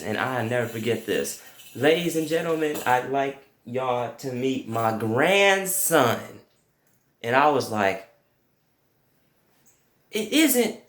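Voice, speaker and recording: A young man telling a comic story with crude language, jumping to high yelps when quoting himself. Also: roomy sound. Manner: animated, profane, jumps to high yelps for quoted reactions. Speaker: comedic storyteller.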